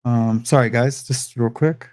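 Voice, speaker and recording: A man's voice: medium pitch, steady tone, measured pace, darkish tone. A young adult man hosting a livestream, rambling defensively and repeating himself in a heated rant. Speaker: livestream host.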